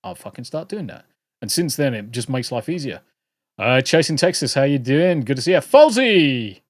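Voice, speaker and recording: A man's voice: medium pitch, lively intonation, a little fast, no room sound, clean studio sound. A British man hosting a livestream, chatting casually to viewers in a rambling, jokey way and swearing freely. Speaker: livestream host.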